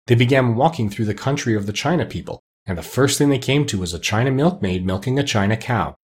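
A man narrating a children's storybook aloud, expressive and unhurried. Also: mid-range voice, husky.

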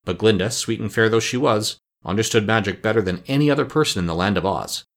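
A man narrating a classic children's storybook in a measured, even reading. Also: lowish voice. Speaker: audiobook narrator. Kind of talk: scripted narration.

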